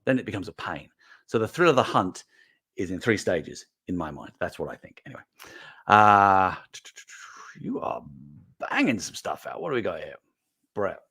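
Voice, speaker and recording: A middle-aged man with a fairly low voice hosts a relaxed livestream. He chats loosely and reads out viewer comments as he goes. His talk runs in long, animated stories. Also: moderate pace, vocal fry, long pauses, breathy edge. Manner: animated, rambling storyteller. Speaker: host. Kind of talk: casual livestream chat reading comments.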